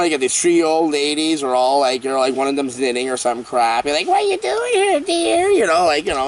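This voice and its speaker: A man's voice: on the high side, recorded from a distance. A man rambling playfully through a horror movie recap outdoors, full of jokes and asides. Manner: playful, jokey, lively storytelling full of asides. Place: outdoors on a windy day.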